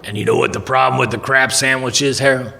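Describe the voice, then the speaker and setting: A man doing a dry, slow old-timer. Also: medium pitch, fairly even intonation, vocal fry, pushed and bright, voice pushed up. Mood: dry teasing. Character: wise older male recovery old-timer, calm and blunt. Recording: long hall reverb.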